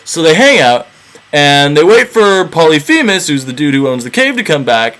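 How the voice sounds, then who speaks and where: Brief: a man spinning an old myth as rambling, profane comedy, animated and bouncy. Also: fairly high pitch, normal speed. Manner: casual, slangy, profane, rambling asides. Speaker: comic myth storyteller. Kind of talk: comedic storytelling.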